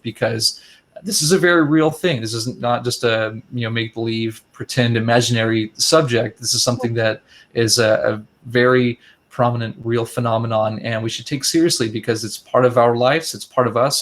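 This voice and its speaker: A man giving measured, earnest interview answers as a guest investigator, with fillers and restarts. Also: mid-range voice, steady tone, fairly bright tone.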